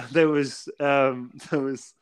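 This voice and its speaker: A man's voice: medium pitch, fairly even intonation, very slow, clean tone. Chatty young man. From England. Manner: rambling storyteller, laughs often, many fillers. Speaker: podcast co-host. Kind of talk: casual chat.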